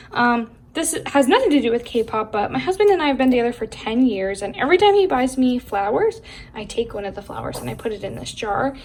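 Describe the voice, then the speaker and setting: A young woman giving a casual room tour of her collection at home, bubbly and gushing, laughing often. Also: fairly high pitch. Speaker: vlogger showing her collection.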